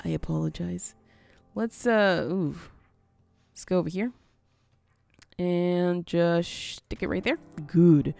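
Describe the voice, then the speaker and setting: Speaking slowly with vocal fry, long pauses and a warm, steady tone, a woman with a lowish voice gives relaxed let's-play commentary on a building game. She thinks out loud and laughs a little often. This gaming video host comes from the US near the Canadian border, with soft music behind her.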